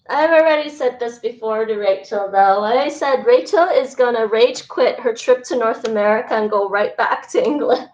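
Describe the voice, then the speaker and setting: A woman's voice: fairly high pitch, moderate pace, hardly any pauses, darkish tone, distant mic. A young woman chatting casually while cooking on a live stream, thinking aloud and laughing often. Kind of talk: casual cooking chat with chat readers. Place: home kitchen. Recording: roomy, dull stream mic with fan noise.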